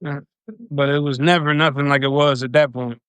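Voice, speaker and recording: A man tells a personal story on a livestream in a loose, rambling way, swearing freely. His voice sits a bit high and comes across smooth and clear. The sound is dry and close. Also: little pitch movement, brisk, fairly bright tone, no room sound. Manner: profane, rambling, loose retelling.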